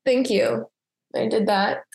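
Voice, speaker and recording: Co-host: young woman, bright-pitched, chatty and self-mocking, on a video call with a roomy echo. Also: steady tone, slow, gravelly. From Maynard, Massachusetts. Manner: chatty storyteller, giggly, self-deprecating. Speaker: wedding photographer, podcast co-host. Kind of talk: casual chat.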